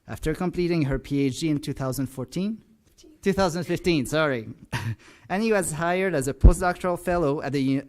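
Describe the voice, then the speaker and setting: A man's voice: mid-range voice, darkish tone. A man hosting a lecture series, reading out a prepared introduction of a guest speaker, with a few small slips he corrects as he goes. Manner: reads carefully, with small slips and self-corrections.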